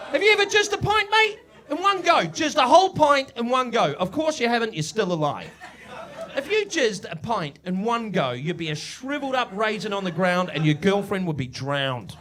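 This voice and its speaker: A man from New Zealand with a New Zealand accent doing a crude, animated stand-up set in a pub, with loud, shouted punchlines. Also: high voice. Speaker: stand-up comedian. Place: live show in a village pub.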